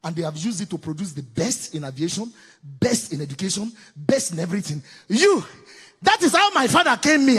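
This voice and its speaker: A man with a Nigerian accent giving a preaching-style talk on parenting, swinging from loud exclamations to low asides. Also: very animated, fairly quick, husky. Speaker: parenting speaker. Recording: long hall reverb.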